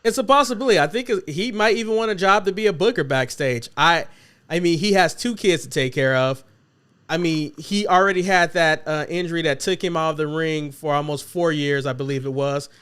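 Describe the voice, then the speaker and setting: A man hosting a casual podcast chat, joking and teasing his co-hosts in an animated way. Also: on the high side, a little fast, smooth. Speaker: podcast host.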